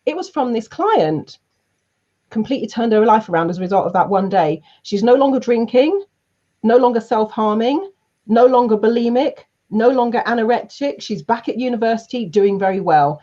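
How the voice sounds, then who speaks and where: A guest speaker and trainer from South London, England, tells a story with energy during an interview, speaking at a moderate pace in a fairly high voice and acting out the voices of the people in it. The recording sounds dull and lo-fi, with a muffled top end.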